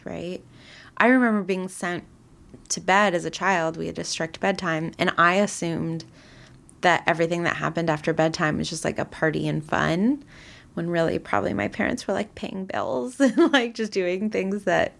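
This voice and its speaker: A woman's voice: lowish voice, gravelly. A young woman casually retelling a story, chatty, full of voiced quotes and fillers. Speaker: guest.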